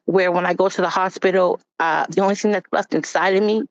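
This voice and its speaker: A woman's voice: on the low side, fairly even intonation, fairly quick, dry recording. A woman giving a candid, blunt personal testimony as a panel guest. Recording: dull, dry recording.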